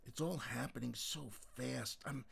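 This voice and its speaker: A man's voice: mid-range voice, measured pace, gravelly, a bit bright, slightly rough, full character voice. A man voicing an earnest young woman in love, in an audiobook. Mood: gushing. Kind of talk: audiobook character voice.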